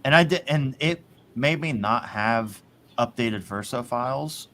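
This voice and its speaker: A man's voice: medium pitch, measured pace, sharp tone, slight background noise. A man in casual chat, rambling, swearing and laughing often. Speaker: podcast host.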